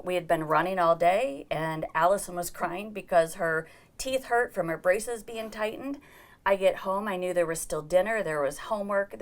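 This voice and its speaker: A middle-aged woman giving an earnest personal account as an interview guest, acting out the dialogue she quotes. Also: mid-range voice.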